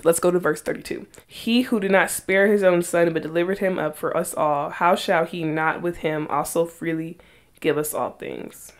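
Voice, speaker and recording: A woman's voice: fairly low pitch, steady tone, normal speed. A woman hosting a faith podcast, earnestly reading Bible verses aloud and pressing her points with emphatic rhetorical questions. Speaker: podcast host.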